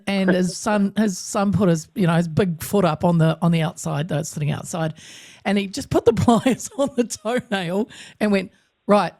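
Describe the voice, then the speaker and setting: A woman hosting a casual interview, telling an animated story, acting out voices and laughing. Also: lowish voice. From New Zealand. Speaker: host.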